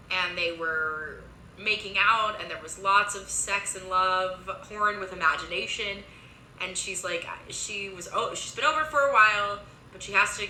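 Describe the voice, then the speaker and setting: A young woman casually recapping a TV series, chatty, with quick asides and lots of filler words. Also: lowish voice, sharp tone, echoey room, slight background noise, low-quality recording.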